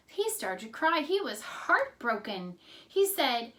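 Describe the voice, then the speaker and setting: A woman Sunday school teacher narrating a Bible story in an expressive, storytelling way. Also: a little high, takes it slowly, far from the mic.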